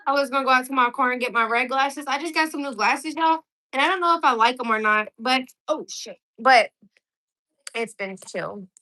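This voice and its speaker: A woman's voice: high-pitched, moderate pace, bright, forceful tone, low-quality recording. A woman in her twenties chatting casually on a livestream, answering viewer comments in a blunt, outspoken way and swearing freely.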